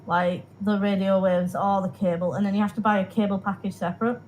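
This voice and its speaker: A woman's voice: medium pitch, little pitch movement, fairly quick, a little mellow, slight background noise, poor audio. A young woman from the United Kingdom, a podcast co-host, explaining things in casual chat and often laughing.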